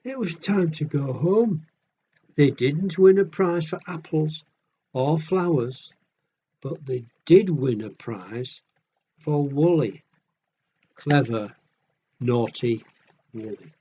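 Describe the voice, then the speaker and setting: A man reading picture books aloud to children in a gentle, chatty way, often asking the listener questions. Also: a little high, expressive, slow pace, long pauses, husky, dull audio. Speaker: children's storyteller.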